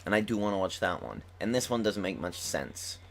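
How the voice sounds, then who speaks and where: A man's voice: deep voice, sing-song, brisk, gravelly, fairly bright tone, faint music behind. A young man just woken up, chatting casually and enthusiastically as he comments on a wrestling video game at home. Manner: rambling, chatty, enthusiastic fan talk. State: just woke up. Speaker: gaming commentator. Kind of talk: casual commentary over gameplay.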